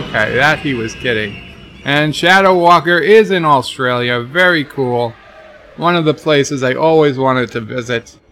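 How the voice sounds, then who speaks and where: A man's voice: fairly high pitch, sharp tone. A man streaming a city-building game, reading chat messages aloud and joking along with the viewers. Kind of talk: casual live-stream chat.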